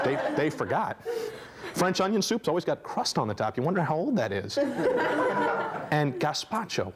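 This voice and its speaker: A young man doing stand-up, chatty and jokey, often laughing at his own lines. His pitch sits a little high and bounces around. A faint hiss from an old student TV tape sits under him. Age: young adult. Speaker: stand-up comic host. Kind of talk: stand-up comedy routine.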